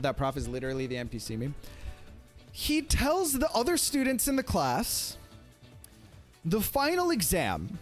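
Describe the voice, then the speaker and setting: A man spins a casual personal story in a lively voice that swings up and down. He swears freely and tosses in quick asides. Faint music plays beneath him. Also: high-pitched. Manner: animated, swears often, fast asides. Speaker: streamer telling a personal story.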